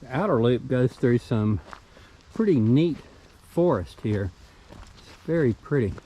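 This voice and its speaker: A man's voice: medium pitch, lively intonation, measured pace, warm tone, breathy edge, rough recording. A middle-aged man with a Southern US accent, casually narrating a forest hike and pointing out things he finds along the trail. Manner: easygoing, enthusiastic about small finds. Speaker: hiking vlogger.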